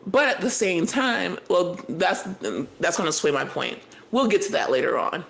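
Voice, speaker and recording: A young woman co-hosting a podcast, recapping a reality show in casual chat, animated and profane, telling the story in bursts. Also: fairly low pitch, moderate pace, creaky, slight background noise, rough recording. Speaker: podcast co-host.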